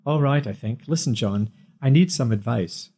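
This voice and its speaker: A cheeky young man, quick-witted and playful, bantering and talking back without fear, as a male narrator plays him. His voice is warm and mellow at a middle pitch, read for an audiobook. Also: lively intonation, breathy edge. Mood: friendly.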